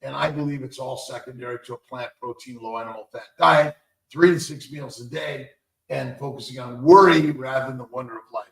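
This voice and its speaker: Gravelly man talking off-mic in an echoey room. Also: mid-range voice, brisk, a bit bright, far from the mic. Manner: rambling, with many fillers and restarts. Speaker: doctor and show host. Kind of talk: live show Q&A.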